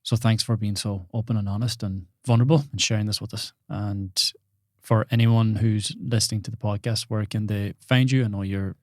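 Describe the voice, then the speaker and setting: Man, podcast host, lowish voice, affirming, dry close sound. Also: steady tone, a little fast, darkish tone, no room sound. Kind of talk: interview wrap-up.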